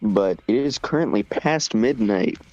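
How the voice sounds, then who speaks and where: Slow-talking man on a stream. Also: fairly low pitch, animated, a little mellow, highs cut off. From United States. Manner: easily distracted, swears freely. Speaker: stream co-host. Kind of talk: casual chat over gameplay.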